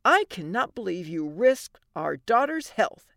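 A woman's voice: medium pitch, sing-song, unhurried, gravelly, dry recording, clean studio sound, exaggerated voice. A woman voicing an exasperated wife and mother who scolds her husband in a read-aloud story. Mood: scolding. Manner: sharp, scolding.

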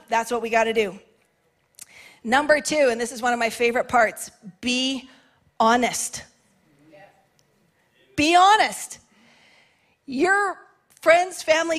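Woman preacher, high voice, passionate conversational sermon, acted-out prayers. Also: fairly bright tone.

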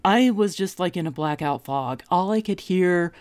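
A woman in her fifties telling comic stories about her family, animated and self-mocking, her voice jumping up for the punchlines. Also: on the low side, moderate pace, no room sound. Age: 50s. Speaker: vlogger. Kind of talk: comic personal storytelling.

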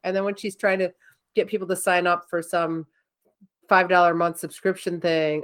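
A woman host telling a funny anecdote in casual chat, animated and swearing freely. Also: fairly low pitch, moderate pace, clear, resonant tone. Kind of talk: casual comic storytelling.

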